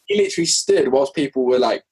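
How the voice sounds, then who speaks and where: A man, a pop punk musician guest, telling tour stories in an animated, swearing, casual way. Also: medium pitch, fast talker, breathy edge, low-quality recording. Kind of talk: casual interview chat.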